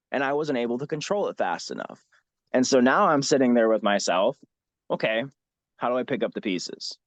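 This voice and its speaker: A man speaking as a podcast guest, telling a candid personal story in a reflective, halting way with many restarts and fillers. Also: medium pitch, dry recording.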